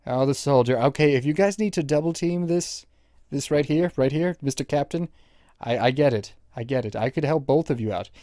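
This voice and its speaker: Rambling young man with a mellow voice. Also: medium pitch, fairly quick, dry recording, studio quality. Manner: rambling, crude, mocking jokes at game characters. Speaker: gameplay commentator. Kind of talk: casual game commentary.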